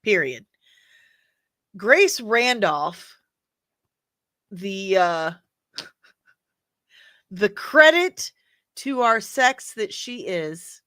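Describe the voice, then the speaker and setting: A woman's voice: mid-range voice, sing-song, slow, long pauses, pushed and bright, dry recording. A woman hosting a casual commentary show, blunt and sarcastic, swearing freely. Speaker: host.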